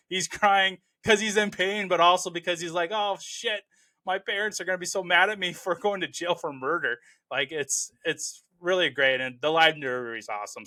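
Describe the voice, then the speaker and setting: A man's voice: on the high side, sharp tone. A man hosting a movie review show, talking casually and enthusiastically, rambling with lots of fillers and restarts. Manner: rambling and enthusiastic, heavy on "you know" and restarts. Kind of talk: casual spoken film review.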